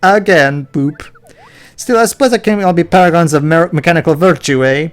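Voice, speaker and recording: A man's voice: a little high, a little fast, soft background music, pitched above the performer's own voice, natural voice. A man voicing a chirpy male robot chef with a Welsh accent, who swaps his swear words for bleeps and bloops. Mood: cheeky. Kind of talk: voicing game dialogue.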